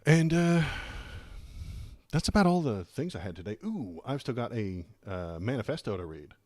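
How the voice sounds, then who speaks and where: A man's voice: mid-range voice, very animated, moderate pace, darkish tone, dry recording, studio quality. A man hosting a live political stream, reacting in casual, rambling commentary that turns sarcastic and slips into muttered curses.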